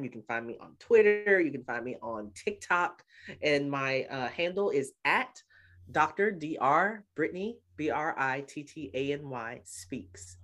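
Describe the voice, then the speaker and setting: A middle-aged woman, a podcast guest and speaker, telling family stories animatedly and laughing often. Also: low-pitched. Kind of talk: casual interview chat.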